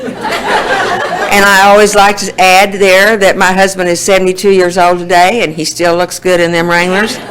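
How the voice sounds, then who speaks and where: At a recovery meeting, an Oklahoma woman in her sixties shares her life story as a folksy testimony, laughing frequently. She speaks in a mid-range voice at a moderate pace, with crowd noise audible in the rough recording.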